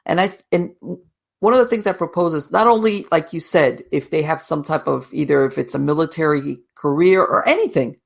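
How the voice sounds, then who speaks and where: A podcast host with a gravelly, creaky voice interviews a guest in a casual way. The questions ramble and often restart before landing. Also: medium pitch, fairly quick.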